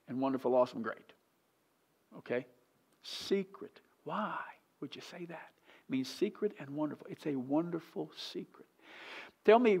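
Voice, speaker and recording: A male pastor preaching a sermon in church, animated and often questioning the congregation directly. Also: on the high side, vocal fry. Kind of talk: sermon teaching.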